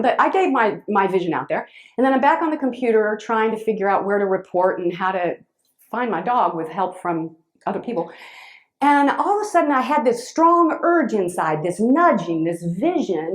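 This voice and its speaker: A woman speaker telling a personal story to a live audience. She is expressive and halting, with restarts, and swings between loud and hushed. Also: mid-range voice. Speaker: motivational speaker.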